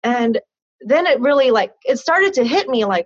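A woman's voice: fairly high pitch, lively intonation, moderate pace, breathy edge, no echo. A woman in her thirties, a guest, telling her own story candidly and animatedly, often laughing and acting out conversations. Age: 30s. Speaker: interview guest. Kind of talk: personal storytelling in an interview. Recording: dull dry lo-fi sound.

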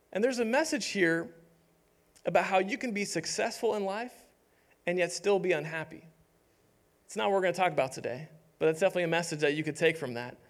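A young man preaching a sermon, animated and humorous, acting out voices from the story. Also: high voice. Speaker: pastor.

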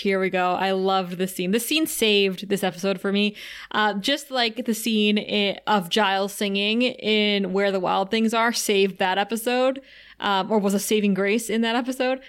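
A woman co-hosting a podcast in a casual recap chat, retelling scenes with lots of laughter and animated energy. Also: medium pitch, normal speed, smooth. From outside the United States. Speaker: podcast co-host.

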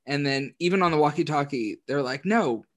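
A man chatting casually as a podcast co-host, laughing as he retells scenes in quick quoted voices. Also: on the high side. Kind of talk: casual chat.

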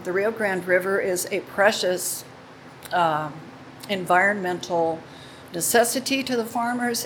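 A woman's voice: lowish voice, slight background noise, low-quality recording. Heartfelt woman in her sixties, near tears. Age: 60s. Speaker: interviewee. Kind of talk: emotional testimony.

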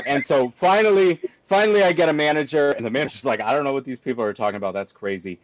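A man's voice: fast talker, few pauses, dry recording. Ranting man on a dull call line. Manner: ranting, jumps high for quoted voices. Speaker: guest telling a story. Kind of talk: animated storytelling on a call.

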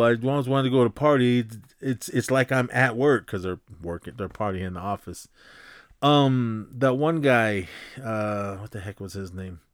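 A man recapping a film in a loose, chatty way, full of fillers and restarts, who jumps into higher, faster voices when quoting characters. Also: no echo, clean studio sound. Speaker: podcast host recapping a film. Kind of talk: casual rambling recap.

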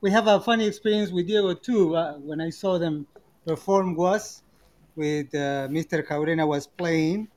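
A man's voice: on the high side, normal speed, a little mellow. Guy telling a story, plain grammar slips, keeps asking "right?". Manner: non-native phrasing, stops often to ask "right?". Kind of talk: casual chat.

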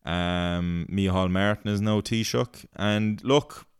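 A man's voice: low-pitched, steady tone, slow, clear, resonant tone, dry recording, studio quality. An Irish man hosting a podcast, ranting in casual chat and swearing freely. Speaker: podcast host.

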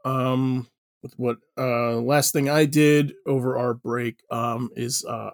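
A man's voice: mid-range voice, fairly even intonation, slow pace, no echo, studio quality. A man co-hosting a podcast, talking casually and rambling, with many fillers and restarts. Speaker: podcast co-host. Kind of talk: casual chat.

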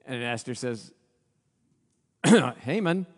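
A man preaching a storytelling sermon, his fairly high voice swinging widely as he acts out each character's lines. His pitch leaps and drops with the drama of the story. A long reverb trails every phrase, as in a church hall. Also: big pitch swings, normal speed. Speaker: pastor.

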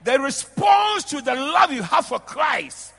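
A man, a bishop preaching a lively sermon in a large church, shouting out to the congregation and breaking into laughter. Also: very high voice, takes it slowly, creaky. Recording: long reverb of a church hall.

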